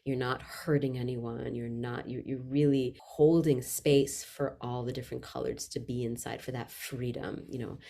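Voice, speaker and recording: A woman vocalist and voice workshop leader talking in an interview, expressive and shifting freely in loudness and pace. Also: a bass voice, moderate pace, gravelly, few pauses. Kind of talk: reflective interview conversation.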